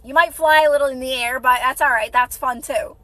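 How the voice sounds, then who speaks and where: Woman with a high voice on a phone livestream, upbeat and repetitive, dry close sound. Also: fairly even intonation, a little fast, fairly bright tone, dry recording, poor audio. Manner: repetitive, encouraging, greets viewers by name. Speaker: livestream host. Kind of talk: casual motivational livestream chat.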